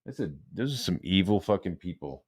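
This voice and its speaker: Brief: male stream host, low voice, rambling and profane. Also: animated, fairly quick. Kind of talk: profane ranting livestream.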